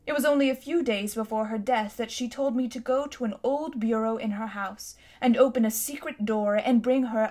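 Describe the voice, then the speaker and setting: A woman reading a storybook aloud, voicing a sly, self-satisfied elderly man with a slow, coaxing manner. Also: on the high side, natural voice. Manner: smooth, slow and coaxing, with a hint of menace.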